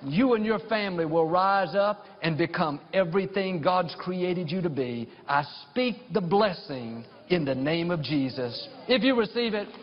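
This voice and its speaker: A man's voice: fairly high pitch, lively intonation, a little slow, hardly any pauses. A middle-aged male pastor preaching a sermon, telling personal stories and building to fervent declarations of blessing. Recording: dull sound with long hall reverb.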